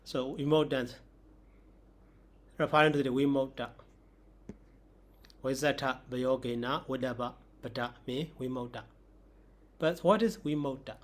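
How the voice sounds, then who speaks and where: A man's voice: mid-range voice, steady tone, a little slow, pauses often. A man, a monk teacher giving a grammar lesson and explaining it step by step.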